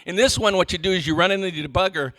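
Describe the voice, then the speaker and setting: On a conference hall stage, a man moderates a panel in what becomes a stage rant: he rambles, jokes, swears and keeps interrupting himself to restart. His voice is high-pitched, racing, pushed and bright.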